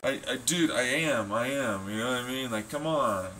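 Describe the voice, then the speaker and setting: Sarcastic ranting man with a bright voice. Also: medium pitch, moderate pace, slight background noise. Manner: profane, sarcastic, scornful; swings between muttering and loud shouting. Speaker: vlogger. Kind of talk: ranting monologue.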